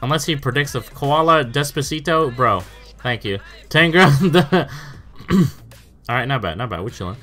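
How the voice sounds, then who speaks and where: A young man talks over his own gameplay in a bright, forward voice, swearing freely and tripping over his words whenever the match turns against him. Faint game music runs behind him. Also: medium pitch, lively intonation, normal speed. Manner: swears often, stammers in bursts, exclaims in disbelief. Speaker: gaming YouTuber. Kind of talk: casual live commentary over gameplay.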